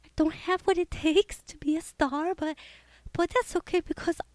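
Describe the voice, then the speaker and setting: A timid, sweet little boy stammers and trips over his words in a high, small voice, as a woman puts him on. The sound is close and dry, with no room around it. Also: steady tone, moderate pace, dry recording.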